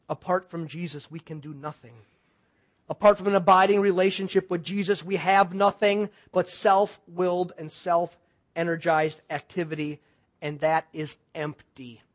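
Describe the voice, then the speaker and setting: A middle-aged male pastor with a voice on the high side preaches a sermon. His story swings between loud, excited passages and hushed, intense moments.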